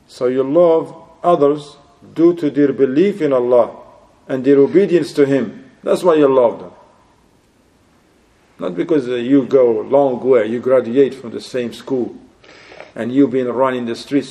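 An Islamic preacher gives a religious lecture, exhorting listeners with rhetorical questions and Arabic religious phrases. His voice is medium-pitched and warm, with a slightly slow delivery.

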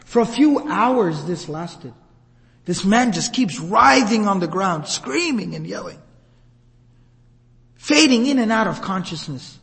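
A man's voice: sits high, expressive, unhurried, gravelly, pauses often, a bit bright. A man retelling an old account as a religious teacher, in a casual, vivid, conversational lecture style. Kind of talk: storytelling lecture. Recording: long hall reverb.

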